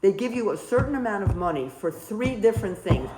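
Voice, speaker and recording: A woman's voice: mid-range voice, brisk, noisy background. A woman telling stories in a casual interview, acting out the voices of the people she quotes. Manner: animated, acts out quoted dialogue. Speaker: storyteller recalling nursing work abroad. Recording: roomy with faint ambience.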